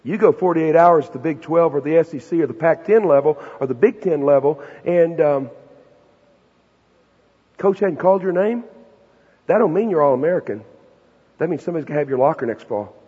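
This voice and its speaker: A middle-aged man preaches in a high, husky voice, telling folksy stories with emphatic punchlines. His sermon rings with long reverb through a large hall, and the recording sounds dull and muffled. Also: animated, brisk, pauses often. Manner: folksy, emphatic storyteller who builds to loud punchlines. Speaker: preacher and Bible professor.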